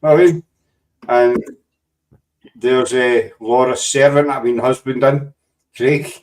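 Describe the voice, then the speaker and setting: A man's voice: medium pitch, level tone, slow. A Scottish man hosting a casual live panel chat, rambling and teasing his guests. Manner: jokey, rambling, teasing banter. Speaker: show host. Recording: distant from the mic.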